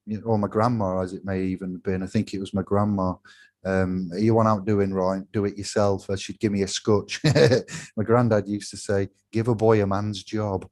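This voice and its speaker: A low-voiced man hosting a live stream chat. He banters loosely with his guests and keeps things jokey. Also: level tone, moderate pace, a little mellow. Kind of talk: casual chat.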